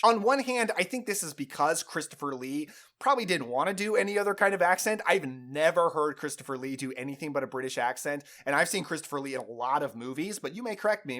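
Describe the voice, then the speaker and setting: A man giving a casual, enthusiastic film review, chatty and excited about what he describes. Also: a little high.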